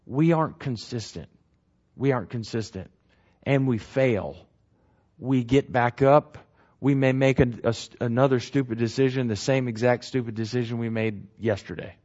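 A man's voice: mid-range voice, moderate pace, a little mellow. A man teaching the Bible verse by verse in a conversational way. He repeats key phrases and keeps asking "right?". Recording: dull lo-fi recording.

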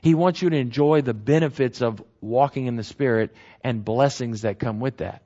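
A man's voice: mid-range voice, moderate pace, mellow. Man teaching scripture, dull lo-fi sound. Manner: conversational, repeats key phrases, asks rhetorical "right?". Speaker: Bible teacher. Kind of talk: verse-by-verse Bible teaching. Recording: dull lo-fi recording.

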